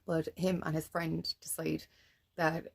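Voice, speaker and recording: Gravelly low-voiced Irish woman ranting. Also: flat delivery, measured pace. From Ireland. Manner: blunt, swears freely, keeps adding "right?". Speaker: vlogger. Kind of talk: ranting monologue to camera.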